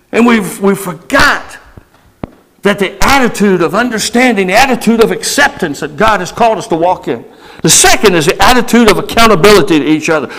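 A male pastor delivering a sermon, moving between casual asides, sudden shouts and slow emphatic stretches. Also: high voice, expressive, rough recording.

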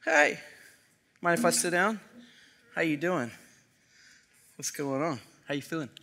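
A man's voice: on the high side, measured pace, pushed and bright, a little hiss or hum. A man acting out the devil as a chummy, nosy man who stirs up blame. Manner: friendly, nosy, stirring up blame.

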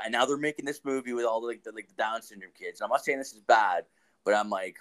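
A man's voice: mid-range voice, quick pace, a bit bright, poor audio. A man hosting a podcast, talking in crude, profane, blunt casual banter and laughing often. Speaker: podcast host.

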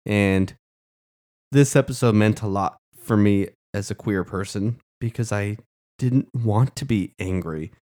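A man with a somewhat low voice co-hosts a podcast in relaxed conversation. He speaks earnestly and with real passion. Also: unhurried. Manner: earnest and impassioned. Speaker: podcast co-host. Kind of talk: casual podcast chat.

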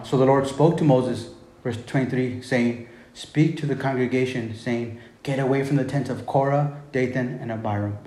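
A man's voice: mid-range voice, darkish tone, echoey room, slight background noise, low-quality recording. A man preaching a sermon, reading Bible verses and paraphrasing them in casual slang. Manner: reads scripture, then retells it in casual slang.

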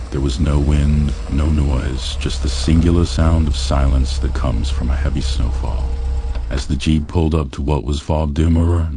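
Man, audiobook narration, extremely low voice, mellow and dark tone. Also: slight background noise. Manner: steady, even storytelling delivery.

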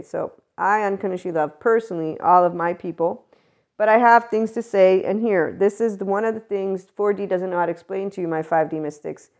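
A woman hosting a solo podcast, talking casually and bluntly, laughing often as she goes. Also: medium pitch. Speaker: podcast host.

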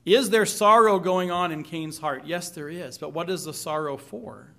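Speaking at a normal speed, this pastor has a bright, forceful, slightly high voice. His sermon is conversational: he reads scripture, puts questions to the congregation, and slips in light humor.

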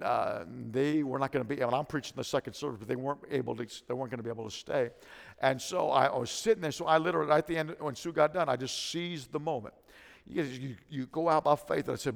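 A man preaching a sermon, telling a story in a loose, conversational way that builds into shouted fervor, often saying "come on now.". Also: mid-range voice, creaky, big-room sound. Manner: repeats "kind of thing" and "come on now". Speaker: pastor.

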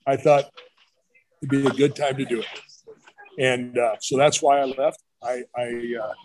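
A man's voice: on the high side, a little mellow, poor audio. A middle-aged man, a retired football coach, telling rambling stories in a casual interview. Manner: rambling, storytelling with quoted voices.

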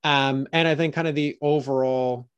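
Male host and coach, mid-range voice, calmly sums up his guest's points and checks in. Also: medium pitch, normal speed, clean tone, muffled recording. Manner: reflective, sums up with "right?" tags. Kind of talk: coaching conversation.

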